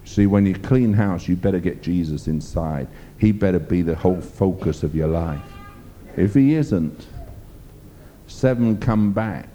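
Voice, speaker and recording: A man's voice: low voice, expressive, moderate pace, dark tone. A man preaching a sermon, emphatic and rambling as he tells stories. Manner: emphatic, rambling storytelling with fillers.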